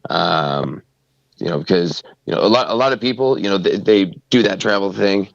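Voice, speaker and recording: Deep gravelly rambling man. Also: moderate pace, dry recording, dull audio. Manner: rambling, many fillers and "you know"s. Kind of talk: casual podcast chat.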